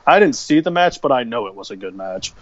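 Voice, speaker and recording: A man's voice: mid-range voice, very animated, a little fast, no echo, dull audio. A man co-hosting a casual wrestling chat podcast over a remote call, laid-back and swearing freely. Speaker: podcast co-host.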